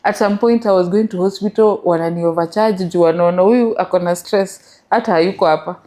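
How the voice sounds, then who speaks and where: A woman's voice: fairly low pitch, a little fast, mellow. A middle-aged woman with a Kenyan accent, telling her story as an interview guest and mixing English with Swahili.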